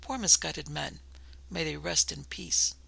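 A man's voice: fairly high pitch, gravelly, pushed and bright, slightly rough, heavily acted, low-quality recording. A man playing a grave middle-aged priest. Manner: grave, measured. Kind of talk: audiobook character voice.

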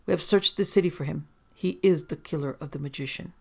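A narrator voicing an excitable, accusing police lieutenant in an audiobook, speaking heatedly and insistently. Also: medium pitch, a little fast, lightly acted. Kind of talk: audiobook character reading.

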